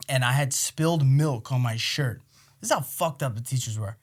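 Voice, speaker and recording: A man, co-hosting a podcast and telling stories in a profane, animated way. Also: mid-range voice, moderate pace. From Queens, New York. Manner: animated, profane, swings into loud outbursts acting out arguments. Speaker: podcast co-host. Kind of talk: casual storytelling chat.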